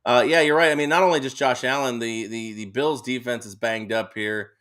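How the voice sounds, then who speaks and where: Man, middle pitch, sports co-host, casual betting talk, filler-heavy, rambling. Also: steady tone, a little fast, a bit bright.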